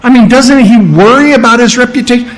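Indignant, griping townsfolk pile up incredulous complaints in a sharply raised voice, as a preacher puts them on mid-sermon. The questions come one after another, full of scorn and disbelief. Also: male voice, very high voice, fast talker, pitched above the performer's own voice.

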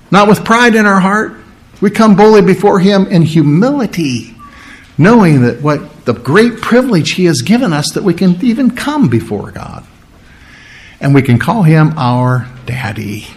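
A man delivers a sermon in a slightly high-pitched voice. He asks questions of the congregation and answers them himself, often swinging his pitch up and then down. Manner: earnest preaching with rhetorical questions and sudden pitch swings. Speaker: pastor.

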